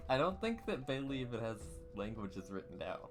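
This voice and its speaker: A man narrating as dungeon master of a tabletop game over an online call, halting and full of fillers. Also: mid-range voice, big pitch swings. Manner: halting, with frequent fillers and laughs. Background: background music.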